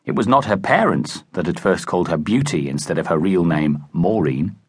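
Brief: male storyteller, lower voice, very animated, dry close studio sound. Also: normal speed, husky, no room sound. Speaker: audiobook narrator. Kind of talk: scripted narration. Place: dry recording booth. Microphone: close studio mic.

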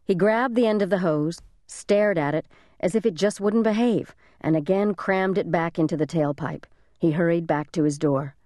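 A woman narrating a thriller audiobook in a measured, suspenseful reading, close to the microphone. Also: lowish voice, warm tone, no echo. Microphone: close studio mic.

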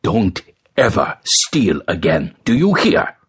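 A man voicing a stern, angry middle-aged father who gives slow, harsh commands in a husky voice. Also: on the low side, animated, fairly bright tone, heavily acted. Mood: furious.

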